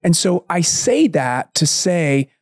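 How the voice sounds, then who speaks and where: A man in his forties with a fairly high voice, co-hosting a parenting podcast. He speaks earnestly, laying out an idea and then handing it to his guests as a question. The sound is dry and close. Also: very animated, takes it slowly, dry recording. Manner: earnest, coaching tone, explains then asks questions. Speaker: podcast co-host, parenting coach. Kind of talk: conversational podcast talk.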